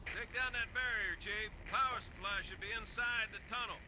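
A commanding male soldier in a shooter game, very bright and high, clipped delivery. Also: normal speed.

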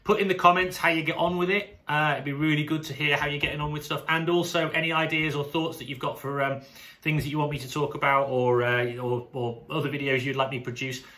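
A British man coaching through a casual vlog, his voice pitched a bit high and strikingly bright. He talks in an animated, chatty way, restarting sentences as he goes. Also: fast talker. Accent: British English. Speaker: sports coach. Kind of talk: casual vlog monologue to camera.

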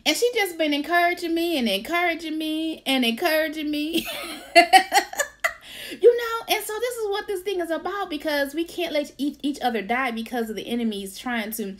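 A woman hosting a casual faith-based livestream, lively, laughing often and greeting viewers by name. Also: sits high, brisk, hardly any pauses. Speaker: author and livestream host.

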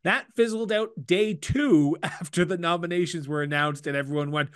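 A man's voice: on the high side, normal speed, few pauses, fairly bright tone, clear, resonant tone, no echo. Dry-humored Canadian man, close dry mic. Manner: dry, teasing, mock-indignant. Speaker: podcast co-host. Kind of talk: casual chat.

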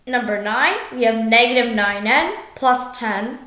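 Young female tutor with a high voice and a relaxed, self-correcting delivery, recorded in a reverberant room. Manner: slow, self-correcting, jokey. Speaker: math tutor. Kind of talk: casual math walkthrough. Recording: echoey room.

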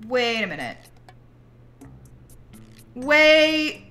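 A woman's voice: sits high, very slow. A young woman streaming a game from home, chatting casually and laughing often. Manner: giggly, excitable, laughs often. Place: home room.

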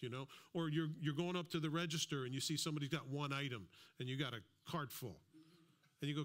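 A man preaching a sermon in a casual, conversational way, reading scripture slowly and acting out little everyday exchanges. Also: fairly high pitch, fairly bright tone. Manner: conversational, plays out little imagined dialogues; slows down to read scripture aloud. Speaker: pastor.

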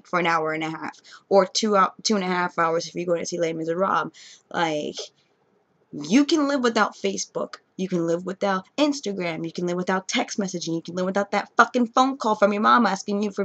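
Profane New York woman ranting late at night. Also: dry recording. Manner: sleepy, rambling and low-key. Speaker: vlogger. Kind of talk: late-night rant to camera. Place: bedroom at night.

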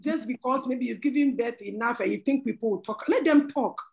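Woman guest, middle-aged, slightly high voice, earnest pleading testimony with laughs. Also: a little fast, creaky, darkish tone, low-quality recording. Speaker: panel guest. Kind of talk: church talk show sharing testimony.

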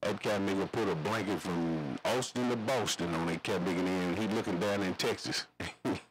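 A man's voice: sits low, normal speed, soft background music, poor audio. A man chatting over CB radio, rambling in slangy, repetitive radio lingo. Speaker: CB radio operator.

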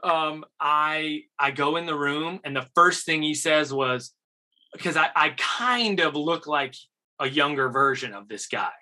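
A man, an actor, telling a lively anecdote in an interview, often breaking into laughter. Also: a little high, a little slow. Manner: animated, laughing anecdote-teller. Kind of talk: conversational storytelling.

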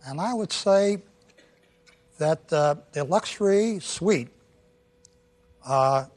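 A man's voice: fairly high pitch, lively intonation, slow, darkish tone. A man in his seventies, a game show contestant, chatty and joking with lots of exuberance. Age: 70s. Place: TV studio.

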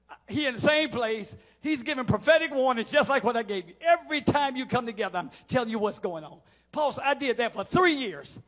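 A middle-aged man, preaching a call-and-response sermon as pastor in a church, swinging between shouts and quiet asides. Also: extremely high pitch. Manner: swings from shouting to near-murmur, preacher cadence. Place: church sanctuary.

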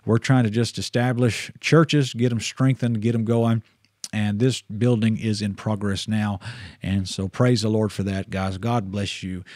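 A man's voice: lowish voice, steady tone, unhurried, a little mellow, dry recording, clean studio sound. Chatty man hosting a missionary livestream. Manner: chatty and folksy, breaks into praise and laughter. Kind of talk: casual livestream talk.

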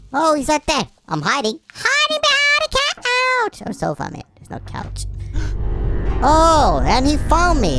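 Excitable woman yelling at a game. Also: medium pitch. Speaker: gameplay commentator. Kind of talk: playing a video game and commenting.

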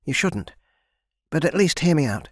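A man's voice: a little high, big pitch swings, normal speed, no echo, clean studio sound, pitched above the performer's own voice. A male audiobook narrator voicing a brash, proud young warrior woman who speaks bluntly and directly.

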